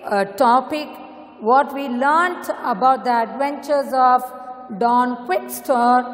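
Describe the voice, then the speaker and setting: A woman teacher with an Indian English accent speaks in a high voice and at an unhurried pace. She spells words out letter by letter and repeats them for her class. Her voice rings in an echoey room with a long reverb tail. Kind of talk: classroom lesson.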